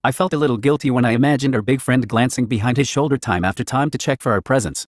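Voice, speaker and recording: A man reading a first-person fan fiction story aloud in an even, flat manner. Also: mid-range voice, quick pace, dry recording, clean studio sound. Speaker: narrator.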